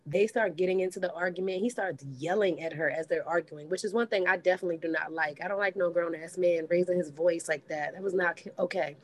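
Blunt, animated woman podcast co-host. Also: on the low side, fast, few pauses. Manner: animated, blunt storytelling with cursing. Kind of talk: casual chat.

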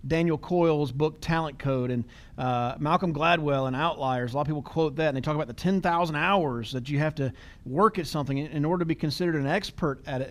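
Casual male podcast host, slightly high voice. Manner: laughs easily, storytelling with quoted dialogue.

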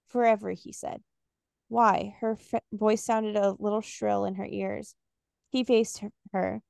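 A woman's voice: mid-range voice, level tone, a little slow, vocal fry, darkish tone, clean tone, dry recording, studio quality. A young woman co-hosting a podcast, recapping a novel and reading passages aloud with casual fillers. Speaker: podcast co-host.

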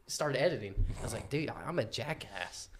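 A man hosting a casual podcast chat, loud and laughing, swearing freely. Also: mid-range voice, animated, brisk. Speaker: podcast host.

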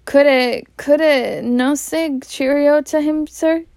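A woman voicing a huge, soft-hearted male giant, tearful and choked up, with a Scottish accent. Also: high-pitched, fairly even intonation, takes it slowly, no room sound, studio quality, pitched above the performer's own voice.

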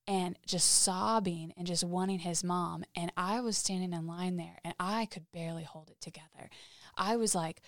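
A woman guest telling personal stories in an interview, halting and heartfelt, with frequent restarts. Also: fairly low pitch, fairly even intonation, dry recording, clean studio sound. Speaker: podcast guest. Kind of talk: candid interview storytelling.

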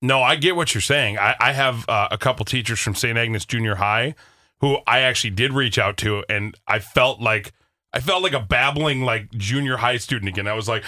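A man co-hosts a radio show. His tone is bright and sharp on a close, dry mic. He jokes around and tells stories in a casual way. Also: mid-range voice, normal speed, no echo. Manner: joking storyteller. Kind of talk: casual studio banter. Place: radio studio. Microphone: studio microphone.

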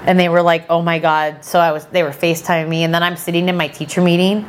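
A woman in her thirties, a podcast guest, telling a personal story in a chatty, animated way and acting out what people said. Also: lowish voice, fast. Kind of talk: casual storytelling chat.

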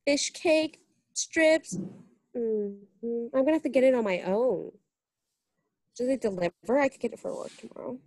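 A woman's voice: fairly high pitch, moderate pace, pauses often, a little mellow, no echo. A young woman co-hosting a podcast in casual chat, giggly and talkative, with lots of "like". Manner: chatty, giggly, heavy use of "like". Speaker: podcast co-host.

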